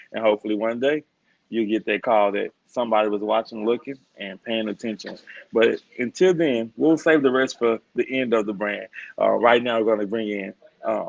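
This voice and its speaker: A man co-hosting a casual online show, relaxed with laughing asides. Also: lowish voice, creaky, no room sound. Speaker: co-host. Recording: dull dry lo-fi sound.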